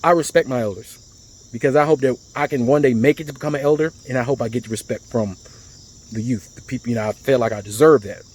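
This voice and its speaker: Guy rambling thru a story, repeats himself, normal pitch. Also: fast, husky. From United States. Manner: rambling, repeats words, animated when telling stories. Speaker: vlogger. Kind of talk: casual storytelling monologue.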